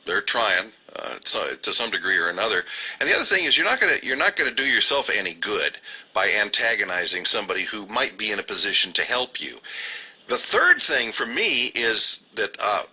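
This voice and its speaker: A male radio host talks in a halting, opinionated way with a lively, swooping intonation. His voice is very bright with a husky grain. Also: fairly low pitch. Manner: halting, restarts phrases, opinionated. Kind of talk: radio interview chat.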